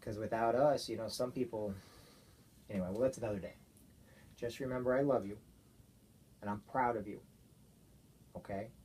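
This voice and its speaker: A father giving his young daughter an earnest, gentle talk, often checking with "okay?". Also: fairly low pitch, fairly even intonation, normal speed, long pauses, a little hiss or hum. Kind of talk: heartfelt talk to his child.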